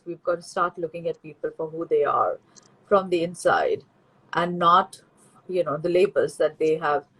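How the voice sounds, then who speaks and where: Woman host, husky voice, measured and chatty, many fillers. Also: lowish voice, a bit bright, low-quality recording. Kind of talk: casual interview conversation.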